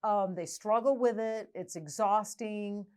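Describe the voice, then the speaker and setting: A middle-aged woman hosting a podcast, talking casually and haltingly with many restarts. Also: medium pitch, darkish tone, clear, resonant tone. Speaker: podcast host. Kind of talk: casual interview chat.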